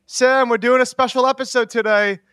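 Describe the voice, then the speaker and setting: A man's voice: extremely high pitch, steady tone, fairly quick, fairly bright tone, smooth, dry recording, studio quality. A young man co-hosting a podcast, rambling and giggly with lots of fillers. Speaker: podcast co-host. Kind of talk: casual chat.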